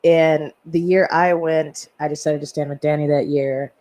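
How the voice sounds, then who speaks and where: A woman's voice: deep voice, fairly even intonation, moderate pace. Chatty woman rambling with asides. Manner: rambling with asides and soft laughs. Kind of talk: casual podcast chat.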